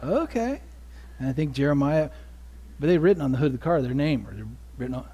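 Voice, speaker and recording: A man preaching a sermon as pastor, dropping to hushed asides and rising to loud emphasis, often asking the congregation questions. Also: fairly high pitch, lively intonation, fast talker, husky. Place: church sanctuary.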